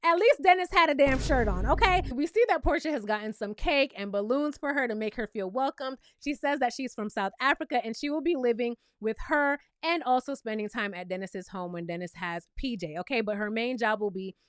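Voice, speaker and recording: A woman's voice: on the high side, expressive, brisk, few pauses, smooth, dry recording, studio quality. A woman with a New York accent who is from Brooklyn, recapping a reality show in a sassy, chatty way and often asking the viewer "okay?".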